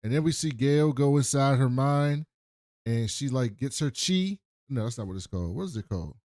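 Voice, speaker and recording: A man's voice: mid-range voice, animated, normal speed, a little mellow, no echo, clean studio sound. A man co-hosting a podcast, recapping a TV episode in casual chat, full of "like" fillers and cursing. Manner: rambling, lots of "like" fillers, swears freely. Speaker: podcast co-host.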